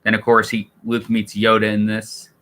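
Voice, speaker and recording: A man chatting on his own live stream in a loose, rambling way, circling back with fillers and restarts. His voice sits a bit low but comes across bright and forceful. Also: completely flat delivery, moderate pace. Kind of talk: casual live-stream talk.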